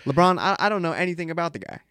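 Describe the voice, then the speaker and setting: Teasing man with lively pitch. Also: rapid-fire, clear, resonant tone, no room sound, studio quality. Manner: teasing, swearing, laughs often. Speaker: podcast co-host. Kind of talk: casual chat. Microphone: studio mic, on camera.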